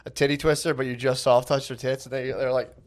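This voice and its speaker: A man's voice: mid-range voice, little pitch movement, fast talker. A young adult man co-hosting a comedy podcast, telling crude stories in a casual, laughing, profane way. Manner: laughs through his stories, swears freely. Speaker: podcast co-host.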